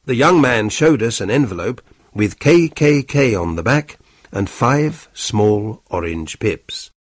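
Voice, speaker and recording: A man reading a graded audiobook aloud with slow, clear storytelling. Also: lowish voice, lively intonation, no room sound, studio quality. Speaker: narrator.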